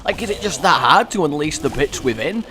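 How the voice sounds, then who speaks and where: A young English man giving chatty, sarcastic let's-play commentary, rambling into asides and breaking into excited yelps. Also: fairly high pitch, fairly quick, faint music behind. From England. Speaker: gaming YouTuber.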